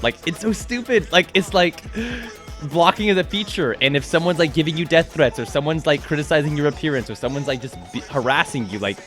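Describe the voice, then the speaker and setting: A man hosting a casual interview podcast, animated and quick to laugh, getting loud when he gets excited. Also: fairly high pitch. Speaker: podcast host. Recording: music playing underneath.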